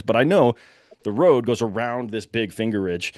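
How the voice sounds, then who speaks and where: Young guy telling a hunting story all excited, voice jumps around a lot, dry sound. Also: medium pitch, moderate pace, dry recording. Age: young adult. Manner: animated, breathless retelling with quoted shouts. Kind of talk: casual storytelling.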